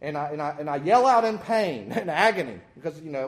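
Man, preacher, sermon, folksy, animated, high-pitched. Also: fast, hardly any pauses. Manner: folksy, animated, self-deprecating humor.

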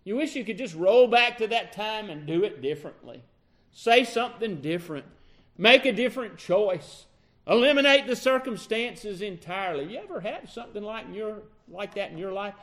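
A man's voice: high voice, animated, moderate pace, fairly bright tone. A male preacher delivering a sermon, retelling a scene dramatically and asking the listeners direct questions.

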